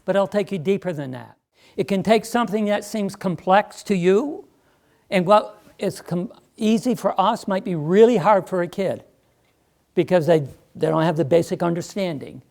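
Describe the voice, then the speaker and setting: A man speaking to a school district meeting, emphatic and persuasive, with quick asides to the audience. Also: high-pitched, vocal fry, darkish tone. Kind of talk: live presentation. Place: meeting room.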